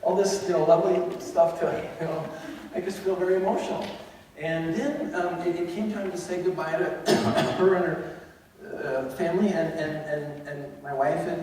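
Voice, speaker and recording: A man's voice: fairly high pitch, moderate pace, darkish tone. A man, a university teacher, telling funny stories to an audience in a chatty way, with many fillers and restarts. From United States. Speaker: university teacher giving a talk. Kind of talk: humorous anecdotal storytelling. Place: large lecture hall or auditorium. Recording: echoey hall, distant mic, faint noise.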